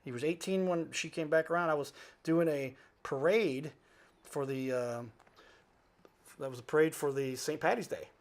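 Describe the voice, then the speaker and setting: A fairly high-voiced man telling a story in a casual way. He jumps from one aside to the next and often corrects himself mid-sentence. He laughs now and then as he talks, like a talk show host sitting in the guest's chair. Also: normal speed. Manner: animated, jumps between asides and self-corrections.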